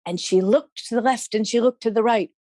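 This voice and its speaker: A woman telling a folk tale, animated, with sound effects and asides to her listeners. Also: on the high side, a little fast, noisy background. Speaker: storyteller. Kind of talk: oral folk storytelling.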